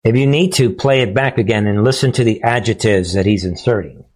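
A man's voice: lowish voice, brisk, darkish tone. A man hosting a live political commentary show, mocking and combative, often laughing at the clips he plays.

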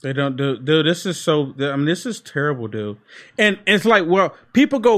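A man's voice: high voice, moderate pace. A man co-hosting a casual political chat, emphatic and peppering his talk with "dude". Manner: emphatic, keeps saying dude. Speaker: podcast co-host.

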